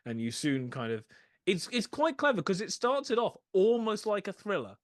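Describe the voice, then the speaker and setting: Male co-host, film chat, halting delivery with lots of restarts, dry close mic. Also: high voice, huge pitch swings, dry recording. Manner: hesitant, many restarts, acts out quotes. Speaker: podcast co-host. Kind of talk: casual film discussion.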